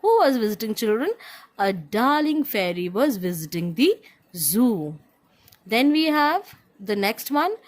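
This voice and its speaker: Indian woman, schoolteacher, higher-pitched voice, patient, spells words aloud, mixes english and hindi. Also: big pitch swings, unhurried. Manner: switches between English and Hindi. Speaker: primary school teacher. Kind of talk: classroom lesson to young children.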